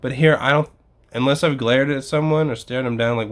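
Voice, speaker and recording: A man's voice: medium pitch, steady tone, a little fast. A young man telling stories in a casual vlog, ranting and swearing freely as he gets exasperated. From United States. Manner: profane, exasperated storytelling. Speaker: vlogger.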